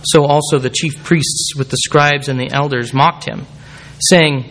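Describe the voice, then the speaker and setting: Guy giving a sermon, kinda high voice, reads scripture and makes it rise. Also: steady tone, a little slow, fairly bright tone. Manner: calls the congregation forward at the close. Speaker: preacher.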